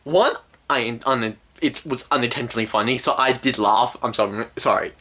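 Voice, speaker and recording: A man's voice: medium pitch, moderate pace, pushed and bright. A man ranting through a movie review in an exasperated, rambling way full of fillers. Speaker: film reviewer.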